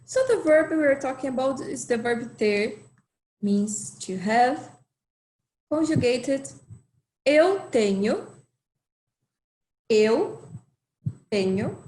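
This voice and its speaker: A woman who speaks Portuguese as her first language teaches an online language lesson, explaining slowly and patiently and repeating each point. Her slightly high voice is a little mellow, and the recording carries a roomy echo with faint background noise.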